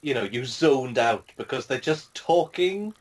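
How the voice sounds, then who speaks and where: A man's voice: mid-range voice, animated, unhurried. A man casually talking about a film in a hesitant, rambling way, with many fillers. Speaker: podcast co-host.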